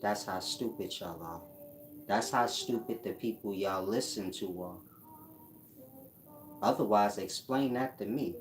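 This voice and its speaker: A man's voice: lowish voice, measured pace, pauses often. A man hosting a casual livestream, reading out chat comments and answering them in a blunt, mocking way with frequent laughs. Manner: blunt, mocking, laughs at his own jabs.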